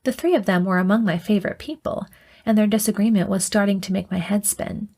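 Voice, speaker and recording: A woman narrating a first-person audiobook in an even, measured reading. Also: mid-range voice.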